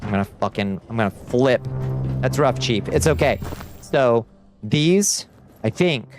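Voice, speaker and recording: A man hosting a livestream, giving excitable, casual gameplay commentary, chatting with viewers and swearing and yelling when frustrated. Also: medium pitch, a little slow, music in the background. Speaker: livestream host.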